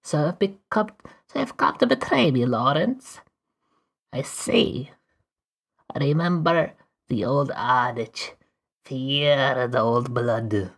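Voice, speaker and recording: Woman doing grave old scholar, very deep, slow and ominous, for a game parody. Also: animated, heavily acted. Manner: slow, dramatic, theatrical delivery.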